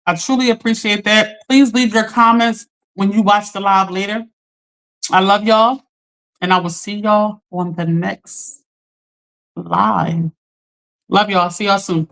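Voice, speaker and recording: A woman hosting a live stream, telling a story in an animated, chatty way, talking straight to her viewers and laughing often. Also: mid-range voice, unhurried, long pauses. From Philadelphia. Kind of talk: casual storytelling to a live audience.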